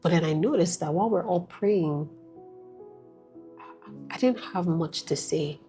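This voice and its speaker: A woman guest giving an emotional personal testimony, candid and soft-spoken, driving points home with repetition. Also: fairly low pitch, a little slow, soft background music. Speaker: guest sharing a personal story.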